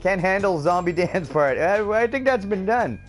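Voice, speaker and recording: Upbeat chatty Canadian gaming streamer. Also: male voice, high voice, lively intonation, moderate pace, faint music behind. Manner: upbeat, chatty, laughs often, talks to viewers. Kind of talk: casual let's-play commentary.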